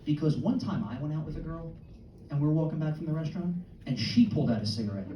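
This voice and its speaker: A man in his early thirties performs a brash, crude stand-up set in a comedy club, firing off punchy outbursts at a quick pace in a slightly high, dark-toned voice. The sound is roomy and distant, with audience laughter, club ambience and slight background noise.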